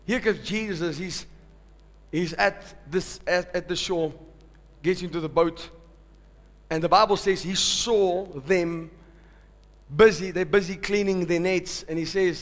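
A male pastor preaching a sermon, swinging from hushed, slow lines to loud shouted peaks, and calling out to the congregation. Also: sits high. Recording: long hall reverb.

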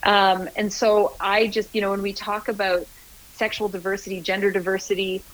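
A woman speaks as a guest in a casual interview, telling stories earnestly and with real animation. She often restarts her sentences and fills gaps with little words. Her voice sits in a middle pitch and sounds like a radio broadcast. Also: normal speed, low-quality recording. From Canada. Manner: earnest, animated storytelling with many fillers. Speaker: guest, agency founder.

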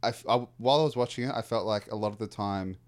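A man's voice: fairly low pitch, fast talker. A man, co-hosting a casual film review chat and rambling through his thoughts with restarts and fillers. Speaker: podcast co-host.

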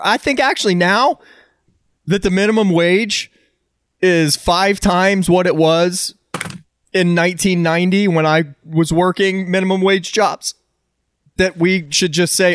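A middle-aged man co-hosting a casual podcast chat, opinionated and given to deadpan teasing. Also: high-pitched, moderate pace, no echo, clean studio sound. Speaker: podcast co-host.

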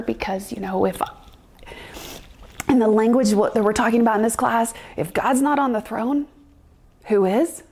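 Woman, husky, slightly high voice, unhurried, blunt faith testimony to a class. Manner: blunt and frank, mixes laughter with earnest faith talk. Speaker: speaker sharing a personal testimony in a class. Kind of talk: candid personal testimony.

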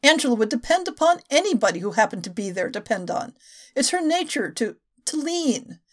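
A woman reading a brusque middle-aged country doctor from an old novel, blunt and impatient but reassuring underneath. The voice stays fairly high and swings widely as he scolds and encourages. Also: sing-song, a little fast.

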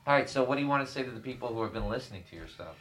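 Very deep-voiced woman hosting kids. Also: lively intonation, racing, fairly bright tone. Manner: encouraging, asks short prompting questions. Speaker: podcast host and leader of a youth group. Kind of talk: casual group chat, asking kids questions.

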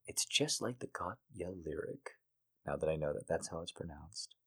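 A man's voice: extremely low pitch, expressive, normal speed, creaky, breathy edge. A man hosting a podcast, reading poetry and then chatting casually, often rambling off track with swearing asides. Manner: rambling, easily sidetracked. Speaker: podcast host.

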